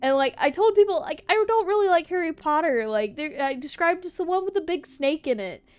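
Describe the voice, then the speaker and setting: A woman's voice: extremely high pitch, expressive, brisk, no room sound. A woman streamer in casual livestream chat, answering viewer questions, laughing often and swearing freely.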